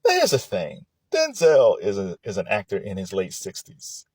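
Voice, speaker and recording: Low husky-voiced man chatting about movies. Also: moderate pace, no room sound. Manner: chatty, lively, laughs often, many restarts. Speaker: movie commentator. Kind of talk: casual vlog commentary.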